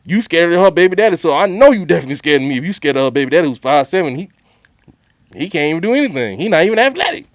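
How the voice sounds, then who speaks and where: A man's voice: on the high side, very fast, no room sound. Slangy man telling a story, lifted voice. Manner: animated, slangy, acts out quotes. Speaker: podcast co-host. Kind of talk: casual storytelling chat.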